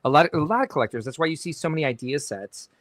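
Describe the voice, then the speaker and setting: Lively male podcast host reading comments. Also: on the high side, fast, no echo, studio quality. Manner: animated, chuckles while reading comments aloud. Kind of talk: casual livestream chat reading viewer comments.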